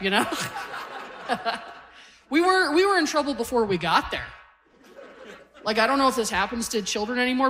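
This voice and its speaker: Woman in her 40s from canada doing stand-up, brash and self-mocking, laughs at her own bits. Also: fairly high pitch. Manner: brash, self-deprecating, laughing through punchlines. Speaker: stand-up comedian. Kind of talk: stand-up comedy set.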